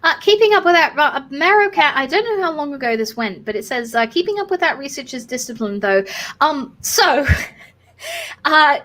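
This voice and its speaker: A woman's voice: sits high, big pitch swings, normal speed, fairly bright tone. A woman with a British accent mixing South London and Sheffield with some American, tipsy from wine, rambling in a casual streamed chat as host. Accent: British mix of South London and Sheffield with an American tinge. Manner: rambling, discursive, chatty with fillers.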